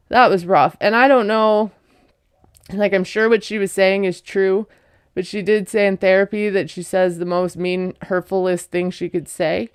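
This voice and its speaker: A woman's voice: medium pitch, clean tone, no echo, clean studio sound. A woman giving a chatty, opinionated recap of a reality show, laughing often as she talks. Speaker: recap vlogger. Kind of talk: casual recap commentary.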